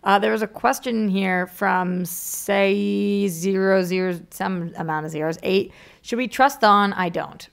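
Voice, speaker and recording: A woman's voice: medium pitch, measured pace, gravelly, clear, resonant tone. A woman co-hosting a podcast, chatting casually and saying "like" a lot. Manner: chatty, uses "like" often. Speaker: podcast co-host. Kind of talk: casual chat.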